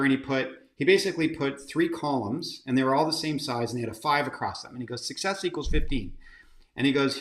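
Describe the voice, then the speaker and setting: Storytelling man in an echoey room. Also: medium pitch. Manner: animated anecdotes, many fillers and restarts. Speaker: company CEO, guest. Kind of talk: storytelling in an interview.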